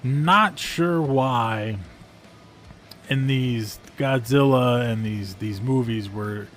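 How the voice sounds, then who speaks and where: A man's voice: mid-range voice, extremely slow, a bit bright, a little hiss or hum. A man giving a casual, rambling review of video clips, amused and full of fillers. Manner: amused, rambling, frequent ums and uhs.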